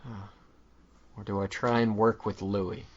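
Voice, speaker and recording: A man's voice: fairly low pitch, little pitch movement, a little slow. Playful man laughing through a story game. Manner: playful, laughs often, thinks aloud. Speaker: player. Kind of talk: playing a comedic story game. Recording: slightly muffled lo-fi audio.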